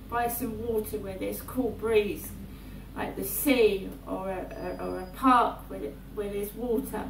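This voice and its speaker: A woman, rambling through a personal monologue in her flat and often checking in with "right?". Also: on the high side. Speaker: vlogger. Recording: roomy, distant mic, faint hum.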